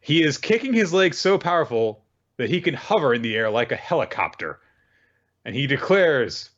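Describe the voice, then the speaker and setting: Animated man with a slightly dull recording. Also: medium pitch, moderate pace. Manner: animated storytelling, acts out characters. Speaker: podcast host recapping manga. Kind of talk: casual chat.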